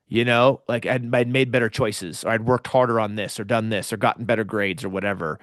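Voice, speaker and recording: A man co-hosting a podcast talks in a relaxed, thoughtful way, often stumbling over the first word as he gets going. His voice sits in a middle pitch. The recording is dry and close to the mic. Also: fairly quick, hardly any pauses, no echo. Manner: reflective, repeats words when starting sentences. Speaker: podcast co-host. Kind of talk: casual chat.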